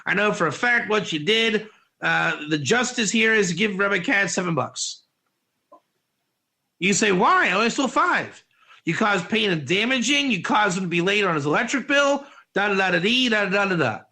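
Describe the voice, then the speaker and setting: A man teaching a Torah class, excitable and rhetorical, his voice jumping up when he gets animated. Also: high-pitched, moderate pace.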